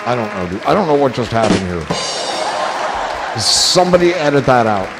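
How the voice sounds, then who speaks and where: Swinging widely in pitch from a medium base, a livestream host talks at a moderate pace, rambling along with profanity and jokes that often fade out. Behind him, music and a crowd are clearly audible.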